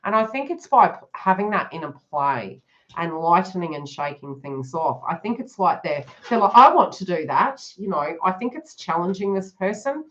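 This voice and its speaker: A woman hosting a tarot live stream reads cards, chats with viewers by name and laughs often. Her voice sits on the low side with lively intonation and a moderate pace, and the live stream audio is dull and lo-fi.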